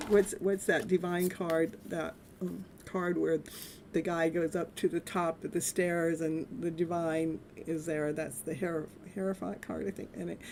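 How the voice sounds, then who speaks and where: A woman's voice: fairly low pitch, noisy background. A middle-aged woman hosting a casual live-stream tarot reading, chatting loosely with viewers and laughing often. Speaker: live tarot reader and host.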